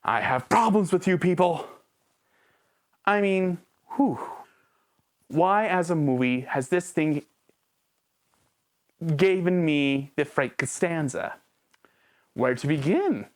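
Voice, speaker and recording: Animated sarcastic woman reviewing a movie. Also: fairly low pitch. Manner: sarcastic, rhetorical questions; talks straight to the viewer. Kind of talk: casual video review.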